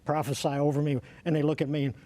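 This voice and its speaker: A man hosting a studio talk show, and his voice is mellow and a touch high. He chats easily with his guests and retells anecdotes in a conversational way. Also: flat delivery, quick pace. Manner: chatty, retells stories with quoted asides.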